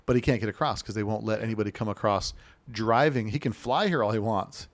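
Male host, gravelly and low, loose rambling storyteller who drops into voices, close dry sound. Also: quick pace, no room sound. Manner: rambling, laughing, acts out voices in quotes. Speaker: show host. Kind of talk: casual chat about classic cars. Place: Las Vegas.

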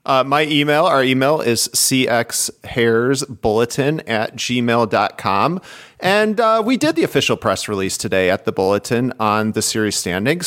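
Male podcast co-host, animated storyteller, lively pitch, jumps high on quoted lines. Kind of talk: casual chat about bike racing.

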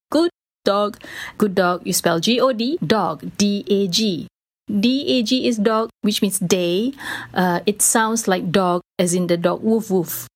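A woman hosts a casual language lesson from her small home studio. She is playful and laughs easily, and she slows down to repeat phrases for her listeners. The sound is close and dry, with no room echo. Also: mid-range voice. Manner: playful, giggly, repeats words slowly for learners. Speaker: podcast host teaching language phrases. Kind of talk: casual solo podcast lesson.

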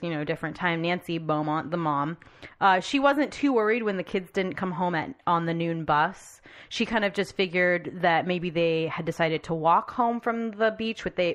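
Female podcast host, lower register, casual storyteller. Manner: conversational storytelling with frequent fillers. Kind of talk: casual chat, recounting a case.

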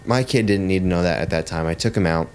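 Low-pitched, quick and clean-toned, this voice belongs to a jiu-jitsu coach and dad in his thirties. He's swapping stories on a laid-back podcast, blunt in manner, cursing without hesitation and dropping "dude" often.

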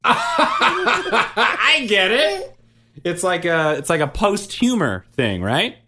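A man in his thirties talks in loose, self-mocking asides on a family chat show. His pitch swings widely, and he keeps circling back with fillers and restarts. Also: huge pitch swings, slow pace, bright, forceful tone. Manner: rambling, self-deprecating, lots of fillers and restarts. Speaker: podcast co-host and father.

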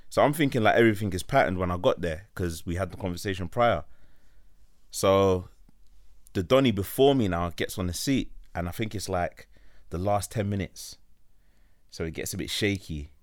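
A man's voice: sits low, normal speed, no echo, studio quality. A young man telling a long story in a casual chat, full of slang. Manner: London slang, animated storyteller.

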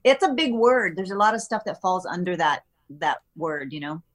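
A woman's voice: lowish voice, animated, normal speed. A woman guest chatting casually on a podcast, rambling with many fillers and restarts. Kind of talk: casual chat.

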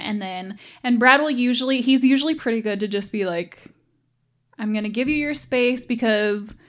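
A chatty woman co-host with a voice a little higher than most. She talks in an easy, relaxed way and quotes her husband in her stories. She is quick to agree and laughs readily. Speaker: podcast co-host. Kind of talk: casual chat.

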